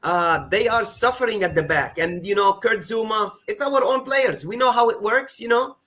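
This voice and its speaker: Male co-host, high voice, casual pundit making his case. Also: normal speed, sharp tone. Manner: builds a case, filler "you know". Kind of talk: casual football chat.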